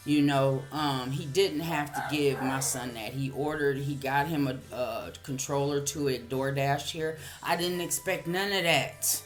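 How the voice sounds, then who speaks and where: A woman's voice: extremely low pitch, measured pace, few pauses, music in the background. A woman with a blunt, profane manner, casually telling a heated story about a neighbor, as a vlogger.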